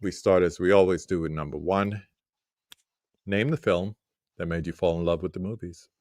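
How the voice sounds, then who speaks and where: New host with a deep voice. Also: male voice, normal speed, no room sound, studio quality. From New York. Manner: relaxed, jokey questioner. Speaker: podcast host. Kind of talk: casual interview chat.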